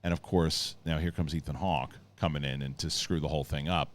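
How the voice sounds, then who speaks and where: A man hosting a casual show, excitedly retelling scenes in a rambling way full of restarts. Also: very deep voice, a little fast. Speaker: show host reviewing a TV episode. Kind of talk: casual spoken review.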